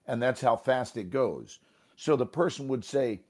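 A man's voice: mid-range voice, slightly rough. A man, an improv teacher, explaining a game in a talk show conversation, at times chanting in rhythm. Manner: animated, rhythmic chanting and snapping; occasional coughs, pauses to sip water.

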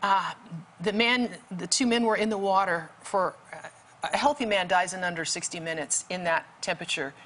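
A woman's voice: fairly low pitch, moderate pace, a bit bright. Earnest woman telling a dramatic testimony. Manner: vivid, emphatic retelling with bursts of urgency. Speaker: guest author.

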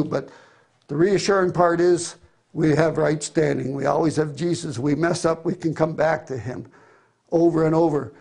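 A man's voice: a little high, creaky, darkish tone. A middle-aged man preaching a sermon, reading scripture with earnest emphasis.

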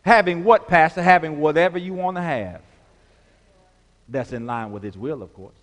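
A man's voice: on the high side, very animated, moderate pace. A man preaching a sermon as pastor, working the congregation with call-and-response and stretched-out emphasis. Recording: long hall reverb.

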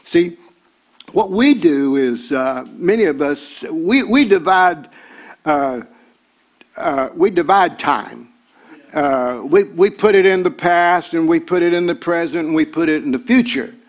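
An older pastor with a drawl delivers a sermon, his voice sitting a little high. He stumbles over repeated words, then swells into shouting as he gets carried away. The recording is dull and lo-fi. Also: animated, a little slow.

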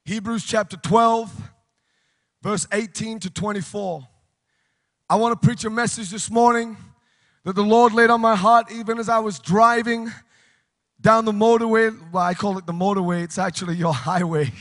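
A British man preaching a revival sermon, impassioned and shouting to a congregation in a large church hall. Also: high voice, fairly even intonation, normal speed. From United Kingdom. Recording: long reverb of a large hall.

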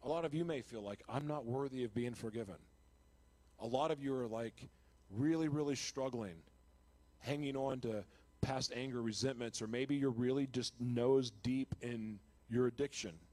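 A man giving an emotional, confessional Christian testimony on live television. He speaks earnestly, with restarts and laughs at himself, and grows loud and impassioned. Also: mid-range voice, moderate pace, dry recording. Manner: grows loud and impassioned when retelling his conversion. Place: television studio.

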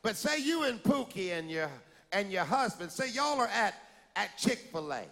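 A man preaching a sermon, animated and calling out to the congregation for a response. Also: high-pitched, moderate pace. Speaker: pastor. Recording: long hall reverb.

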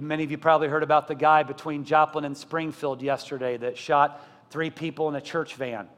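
A middle-aged man preaching a sermon as pastor, asking the congregation questions and building to loud, emphatic repetition. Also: on the high side. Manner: asks the congregation rhetorical questions. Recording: long church-hall reverb.

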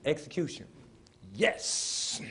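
A man preaching a sermon in plain, folksy speech, building to shouted emphasis and calling on the congregation to respond. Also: takes it slowly, a little hiss or hum. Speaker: pastor.

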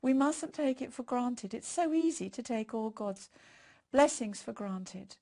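Older woman, preacher, gravelly voice, slightly high pitch. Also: animated, measured pace. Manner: warm storytelling, leads prayer. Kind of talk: devotional sermon.

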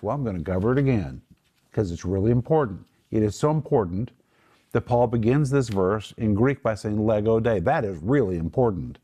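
A man's voice: fairly low pitch, animated, a little fast, dark tone, slightly rough. A middle-aged man teaching the Bible on a Christian broadcast, emphatic and lifting his voice when quoting scripture. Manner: emphatic, lifts voice for quoted words.

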